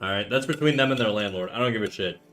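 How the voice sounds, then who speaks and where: A man's voice: on the low side, fast talker, fairly bright tone, faint music behind. A man in his thirties hosting a drawing livestream, chatting casually and profanely as he reads chat aloud. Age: 30s. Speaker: art livestreamer.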